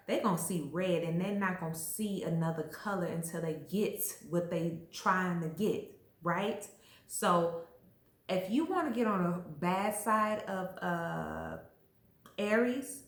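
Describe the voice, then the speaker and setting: Chatty woman vlogger in an echoey room. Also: lowish voice. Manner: chatty, emphatic, acts out little quoted voices. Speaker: astrology vlogger. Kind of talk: casual explanatory chat.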